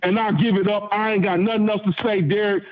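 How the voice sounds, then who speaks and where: A man's voice: high-pitched, fairly even intonation, brisk, poor audio. A man calling into a fan show over the phone, speaking emotionally in a rambling, repetitive way. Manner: emotional, rambling, repeats himself. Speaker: caller. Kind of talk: fan call-in rant. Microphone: phone call.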